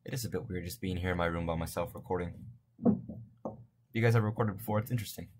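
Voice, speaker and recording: A man's voice: deep voice, fast, a little mellow. A young man casually commenting on a game from his bedroom, rambling and making self-deprecating jokes. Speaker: let's play gamer.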